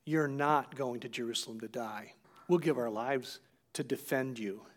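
A man retelling a sermon story, voicing an earnest male disciple who pleads in a hushed, insistent voice. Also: fairly high pitch, expressive, unhurried. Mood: pleading.

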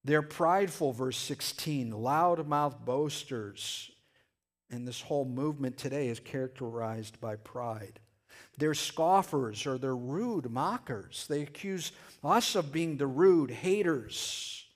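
A man delivering a sermon in a loose, conversational way, repeating and restarting his words as he goes. His voice sits at an ordinary middle pitch, and he jumps to a loud shout when he acts out a scene. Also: lively intonation, takes it slowly. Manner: conversational preaching with frequent restarts and sudden shouted asides. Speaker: pastor.

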